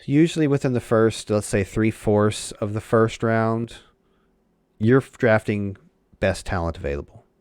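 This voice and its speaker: A man with a low voice explains drafting strategy in a relaxed, measured way, as if walking a friend through it. The recording is dry and close-miked. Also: smooth, no echo. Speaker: podcast co-host. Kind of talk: casual fantasy football chat.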